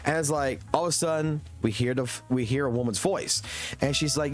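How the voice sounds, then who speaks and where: A man's voice: mid-range voice, a little fast. A man in his thirties telling a long anecdote on a live stream, swearing constantly and rambling. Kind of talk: casual storytelling on a live stream.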